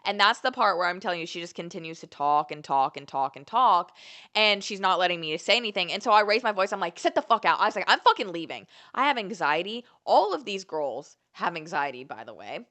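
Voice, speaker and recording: A young woman vlogger telling a story in an animated, profane, candid way. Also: fairly low pitch, a little fast. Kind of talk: storytime vlog.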